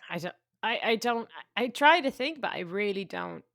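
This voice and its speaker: A woman co-hosting a podcast, chatting in a halting, teasing way with frequent laughs. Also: mid-range voice, sing-song, fairly bright tone, no echo, studio quality. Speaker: podcast co-host. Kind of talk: casual chat.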